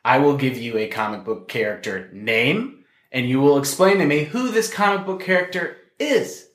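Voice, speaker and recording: A man's voice: mid-range voice, lively intonation, normal speed, a bit bright, reverberant. A man hosting a casual podcast, running a quiz game in a playful, joking way. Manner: playful, laughing at his own ideas. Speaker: podcast host.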